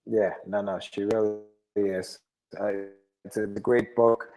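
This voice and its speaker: A man's voice: fairly low pitch, level tone, slow pace, mellow, long reverb tail, low-quality recording. A man co-hosting a podcast, chatting casually in a laid-back, repetitive way. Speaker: podcast co-host.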